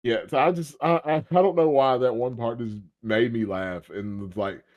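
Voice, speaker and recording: A man's voice: mid-range voice, normal speed, muffled recording. Chatty man telling stories, laughing often. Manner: animated storytelling, laughs a lot. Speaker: podcast co-host. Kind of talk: casual podcast chat.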